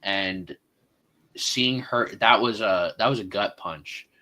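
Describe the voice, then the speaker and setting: A man co-hosting a casual movie podcast, talking through his views in a thoughtful, halting way. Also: fairly low pitch, pushed and bright, poor audio. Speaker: podcast co-host.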